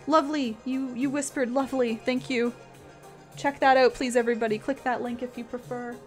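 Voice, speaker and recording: A woman's voice: a little high, fairly even intonation, brisk, soft background music. A young woman from Canada chatting casually with her live-stream audience as she paints, reading messages aloud and laughing often. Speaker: art streamer.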